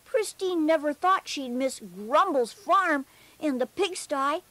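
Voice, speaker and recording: A high-voiced bear storyteller. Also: male voice, animated, takes it slowly, no echo, full character voice. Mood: earnest. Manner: gentle, earnest. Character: cheerful young male bear storyteller. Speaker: narrator. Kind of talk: children's storybook narration.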